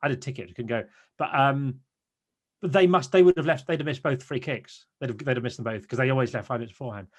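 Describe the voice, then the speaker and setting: Fast-talking man ranting animatedly. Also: medium pitch. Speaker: guest. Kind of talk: casual chat.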